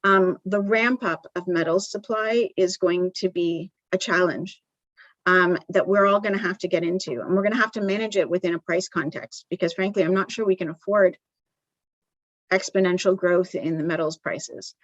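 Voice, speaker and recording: A woman's voice: lowish voice, moderate pace, no room sound, lo-fi sound. A woman giving a live conference presentation in a conversational way, with frequent ums and restarts. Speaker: conference speaker. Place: conference venue.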